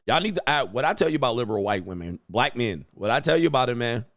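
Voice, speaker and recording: A man's voice: medium pitch, very animated, fairly quick, fairly bright tone, dry recording, studio quality. A man hosting a live reaction show, exclaiming, laughing and making mocking asides over clips.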